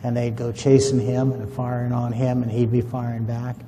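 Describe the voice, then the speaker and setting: A man's voice: medium pitch, completely flat delivery, moderate pace, mellow, in a large hall, a little hiss or hum. A man casually telling a rambling, folksy story about a past experience to a group of listeners. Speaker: UFO witness telling his story.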